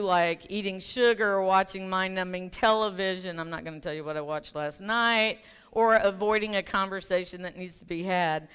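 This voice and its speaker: A woman's voice: medium pitch, a bit bright, smooth. A woman who works as a life coach gives a chatty, self-deprecating sermon, telling a personal story in a church sanctuary and laughing along with the congregation. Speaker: guest speaker and life coach.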